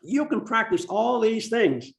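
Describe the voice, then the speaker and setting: A man's voice: sits high, sing-song, creaky. Man teaching public speaking over a video call. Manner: demonstrative, slows down to stress key words. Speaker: public speaking workshop presenter. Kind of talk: instructive online workshop talk.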